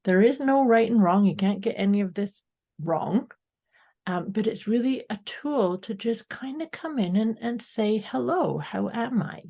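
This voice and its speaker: A woman's voice: mid-range voice, animated, moderate pace, dark tone. A woman co-hosting a podcast in an upbeat, casual way, speaking directly to her listeners. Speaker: podcast co-host. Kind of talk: casual motivational chat.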